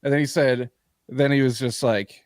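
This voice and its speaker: Profane, animated male podcast host. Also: medium pitch, moderate pace, no room sound, studio quality. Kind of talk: comedic storytelling.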